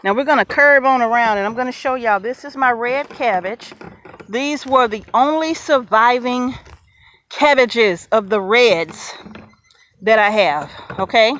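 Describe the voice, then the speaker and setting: Homesteader, higher-pitched woman, talks to viewers while walking an outdoor garden. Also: unhurried, a little hiss or hum. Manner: chatty, excitable, addresses viewers often, laughs easily. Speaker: homesteader showing her garden. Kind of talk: casual garden tour vlog.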